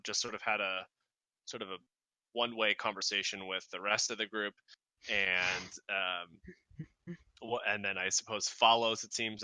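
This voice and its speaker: A man running a tabletop game as game master, narrating in a rambling, halting way full of fillers and restarts, over an online call. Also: lowish voice, pushed and bright, dry recording.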